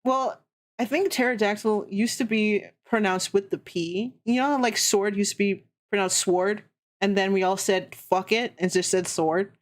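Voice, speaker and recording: A woman's voice: mid-range voice, normal speed. A woman streaming, chatting casually and ranting with heavy swearing. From Canada. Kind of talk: casual chat.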